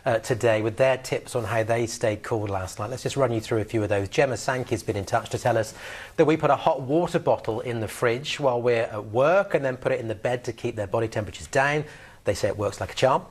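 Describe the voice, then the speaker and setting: A man's voice: medium pitch, a little fast. Chatty British male news anchor. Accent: British English. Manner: relaxed, chatty, with fillers. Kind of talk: conversational news presenting. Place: television studio.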